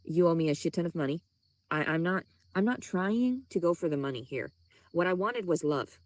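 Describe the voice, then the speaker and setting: A woman's voice: on the low side, animated, normal speed, no echo. A woman in a played clip, ranting in fury with constant profanity and demands. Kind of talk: angry profane rant.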